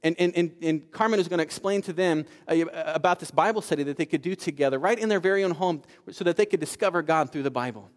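A man preaching a sermon, telling a story in an animated way with frequent repetitions. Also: fairly high pitch, quick pace, few pauses. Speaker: pastor. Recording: reverberant hall.

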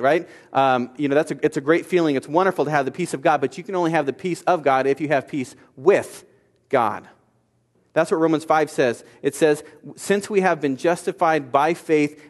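A man, a pastor, delivering a sermon, moving between forceful declarations and quiet storytelling. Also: on the high side, moderate pace, in a large hall. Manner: emphatic, swings from loud declarations to soft storytelling.

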